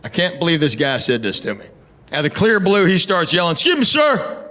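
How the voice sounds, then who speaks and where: Middle-aged guy doing standup, acts out all the dialogue, kinda high voice, echoey venue. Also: very animated, quick pace, sharp tone. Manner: storytelling, acting out dialogue with character voices. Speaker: stand-up comedian. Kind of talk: stand-up comedy set. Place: large venue with live audience laughing. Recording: echoey live venue with crowd noise.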